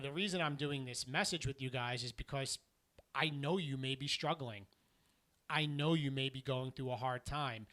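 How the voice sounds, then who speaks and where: A middle-aged man giving a motivational podcast talk, earnest and emphatic, going quieter as he tells personal stories. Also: mid-range voice. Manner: earnest and emphatic, drops softer when telling stories. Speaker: motivational keynote speaker.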